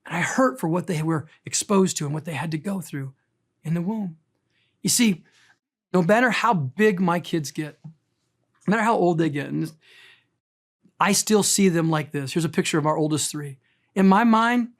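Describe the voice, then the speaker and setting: A middle-aged man, a pastor, preaching a sermon in church, telling personal stories with emphatic delivery. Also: high-pitched.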